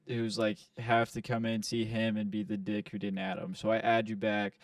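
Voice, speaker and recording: A man's voice: on the low side, level tone, normal speed, dry recording, recorded from a distance. A young man co-hosting a podcast, telling a rambling, profane story in casual chat. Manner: rambling, profane, quotes friends in put-on voices. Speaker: podcast co-host.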